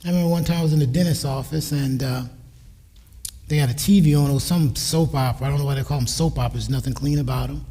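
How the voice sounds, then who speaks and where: Mellow-voiced man in his sixties preaching. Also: mid-range voice, quick pace, husky. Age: 60s. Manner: anecdotal, quotes family in his own voice. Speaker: speaker at a church. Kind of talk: sermon on parenting. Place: church sanctuary. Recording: reverberant church hall.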